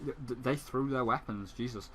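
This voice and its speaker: A man giving casual gaming commentary as a sarcastic rant, often stumbling and restarting his sentences. His voice sits at an average pitch and sounds bright and tense. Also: a little fast. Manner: ranting, sarcastic, frequent restarts. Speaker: gaming channel host.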